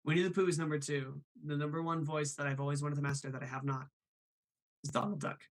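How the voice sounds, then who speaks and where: A man's voice: fairly high pitch, flat delivery, quick pace. A man hosting a live show, chatting casually and apologetic, laughing often, with a guest on a call. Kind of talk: casual live-stream chat. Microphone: remote call over the internet.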